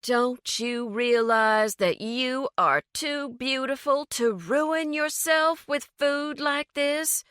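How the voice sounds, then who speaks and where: A woman voicing a pushy, condescending fitness fanatic in a deep, sugary drawl while reading a story. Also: very animated, slow, sharp tone, dry recording, studio quality, heavily acted. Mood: scornful.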